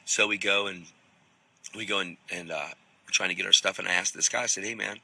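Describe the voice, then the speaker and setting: A man's voice: deep voice, fairly even intonation, fairly quick, gravelly, bright, forceful tone, poor audio. A man who teaches the Bible, telling a story casually and rambling a little, with frequent restarts.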